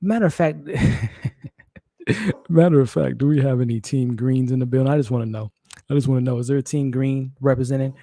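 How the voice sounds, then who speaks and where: Animated man hosting a livestream. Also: mid-range voice, a little fast, no echo, clean studio sound. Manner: animated, rambling, talks straight to the chat. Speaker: host of a live aftershow stream. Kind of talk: excited casual livestream commentary.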